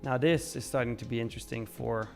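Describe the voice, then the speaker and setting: A man's voice: mid-range voice, fairly even intonation, quick pace, vocal fry, soft background music. A young Swiss man casually hosting a live trading stream, chatting, reading out chat messages and laughing often. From Switzerland.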